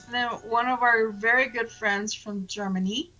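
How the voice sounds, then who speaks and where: Bright-voiced woman co-host welcoming guests. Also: on the high side, fairly even intonation, moderate pace, soft background music, low-quality recording. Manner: warm, upbeat, laughs often. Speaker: radio show co-host. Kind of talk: casual chat, announcing guests.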